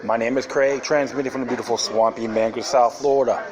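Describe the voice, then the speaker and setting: A man's voice: mid-range voice, fairly even intonation, fast talker, crowd noise, low-quality recording. A man hosting a podcast, talking in a rambling, sarcastic casual monologue. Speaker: podcast host.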